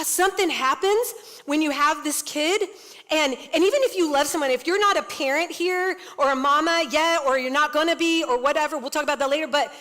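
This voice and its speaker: High bright woman telling a lively story. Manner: animated, laughing often, acts out scenes. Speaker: ministry founder speaking at a women's event. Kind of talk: comedic personal storytelling talk. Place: large event hall before an audience. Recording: long hall reverb, faint ambience.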